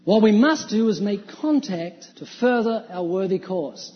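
A man's voice: sits high, animated, a little slow. A man preaching an evangelistic sermon, emphatic and full of rhetorical questions. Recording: dull lo-fi sound with long hall reverb.

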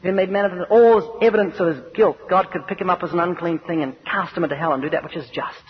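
A man's voice: sits high, fast, breathy edge. A man preaching an evangelistic sermon, earnest and emphatic, acting out little scenes with quoted voices. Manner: earnest, emphatic, acts out anecdotes. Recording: dull lo-fi recording with faint noise.

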